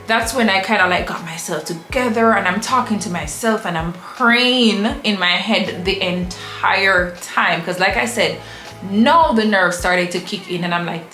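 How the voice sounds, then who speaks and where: An animated woman telling a travel story to camera, lively and expressive. Her voice sits in a middle range and rings a little in a roomy space. Faint music is heard under her. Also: medium pitch, a little slow. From Jamaica. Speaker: vlogger.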